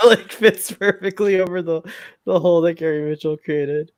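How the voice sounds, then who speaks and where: Excitable higher-voiced man, dry sound. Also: moderate pace, no room sound. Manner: excitable, laughs often. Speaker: podcast co-host. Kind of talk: casual fan commentary.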